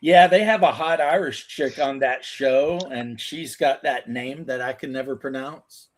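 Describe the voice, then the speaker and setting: A man's voice: mid-range voice, a little slow, a little hiss or hum. Rambling, joking casual man. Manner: rambling, joking, says frickin' a lot. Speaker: podcast co-host. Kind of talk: casual chat.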